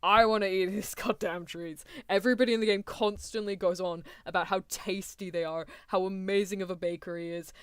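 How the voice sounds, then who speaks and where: A woman's voice: mid-range voice, fairly even intonation, a little fast, hardly any pauses, smooth, no room sound, clean studio sound. A woman streamer giving rambling, chatty reaction commentary, often laughing mid-sentence.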